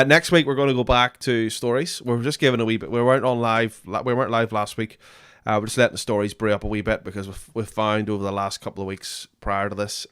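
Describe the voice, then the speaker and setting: A man hosting a casual live stream chat, relaxed as he thanks viewers and winds the show down. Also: lowish voice, smooth, dry recording, clean studio sound. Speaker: stream host.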